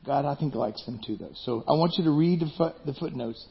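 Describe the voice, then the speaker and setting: A man's voice: mid-range voice, fairly quick, gravelly, highs cut off. A male pastor preaching a conversational sermon, joking and asking the listeners questions.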